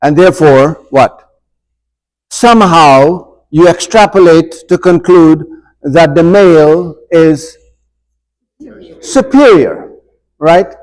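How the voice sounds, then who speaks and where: A man's voice: on the high side, slow, pauses often, darkish tone, poor audio. A man leading an informal church adult forum, asking the group questions and acting out scripture dialogue with humor. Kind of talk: informal Bible class teaching. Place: church room.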